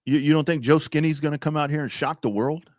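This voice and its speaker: A man's voice: fairly high pitch, fairly even intonation, fast talker, no room sound, clean studio sound. A male sports talk co-host, chatty and joking, with casual swearing.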